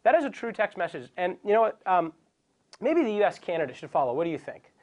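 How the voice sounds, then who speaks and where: A man's voice: sits high, very animated, fast, darkish tone. A young man hosting a comedic web show, joking and rambling in a self-deprecating way. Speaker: host.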